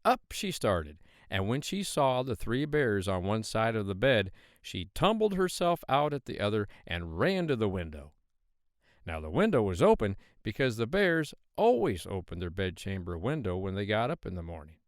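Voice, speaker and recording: A man reads a children's tale aloud with a low voice that swoops up and down expressively. The sound is close and dry, with no room around it. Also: moderate pace, dry recording. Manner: expressive, sing-song storytelling. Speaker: storyteller. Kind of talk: storybook narration.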